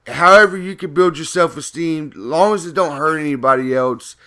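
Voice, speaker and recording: A man's voice: on the high side, a little fast, bright, forceful tone. A man, a gaming YouTuber, talking in a casual, profane, rambling rant over gameplay commentary.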